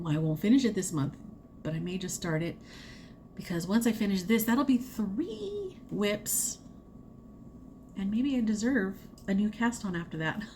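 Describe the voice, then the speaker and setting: A woman's voice: medium pitch, very animated, a little slow, noisy background. A woman chatting casually about her knitting and what she watched, rambling with fillers and little laughs. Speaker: crafting vlogger. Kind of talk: casual chat.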